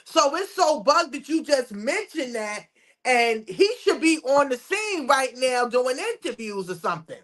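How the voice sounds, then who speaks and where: A woman co-hosting a podcast in loose, casual talk. Her voice sits high and swings widely, and she is blunt and lively, acting out what people say. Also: a little slow. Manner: animated, blunt, acts out quotes. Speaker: podcast co-host. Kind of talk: casual chat.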